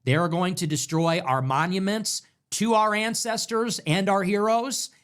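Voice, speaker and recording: A man's voice: high voice, steady tone, unhurried, fairly bright tone. A man hosting a show, delivering an emphatic commentary monologue full of repetition and rhetorical questions. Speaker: show host.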